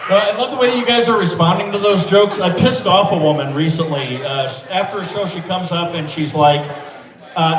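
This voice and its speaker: A man doing a stand-up set with a deadpan, self-deprecating delivery in a small club. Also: high-pitched, fairly quick, far from the mic. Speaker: stand-up comedian. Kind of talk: open-mic stand-up set. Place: small comedy club or bar. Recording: echoey club mic, crowd laughter, from afar.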